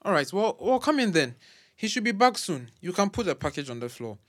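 An actor playing a proud, grieving older professor, formal and bitter. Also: male voice, sits high, very animated, fairly quick, fairly bright tone, heavily acted. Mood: suspicious.

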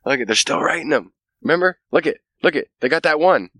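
A man's voice: fairly high pitch, animated, fast talker, bright, forceful tone, dry recording, pitched above the performer's own voice. A man voicing a group of mocking aliens who sneer at humans with profane disbelief.

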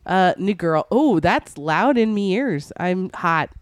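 Hoarse, lively woman podcast co-host. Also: fairly low pitch, no echo, studio quality. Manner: playful, teasing, quick jokes. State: hoarse from a cold. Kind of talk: casual chat.

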